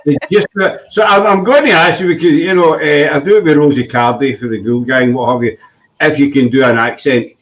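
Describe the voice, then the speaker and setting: A man's voice: on the high side, steady tone, a little fast, low-quality recording. A Scottish man hosting an online talk show, chatting casually with lots of fillers. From Scotland. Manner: chatty, self-deprecating, with frequent fillers. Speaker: host. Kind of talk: casual chat.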